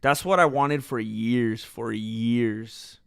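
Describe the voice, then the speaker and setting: A man's voice: medium pitch, steady tone, slow, vocal fry, a bit bright, clear, resonant tone, dry recording, clean studio sound. A man hosting his channel, chatting casually and rambling with lots of fillers and restarts, hiccuping and burping as he talks. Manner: rambling, self-deprecating, many fillers and restarts. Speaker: channel host. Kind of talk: casual livestream chat.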